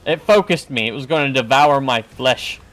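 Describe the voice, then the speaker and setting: A man's voice: mid-range voice, moderate pace, a bit bright. A man chatting casually while streaming a game, joking and talking back to enemies on screen. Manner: joking, talks to game enemies, hums along. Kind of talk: casual gameplay commentary.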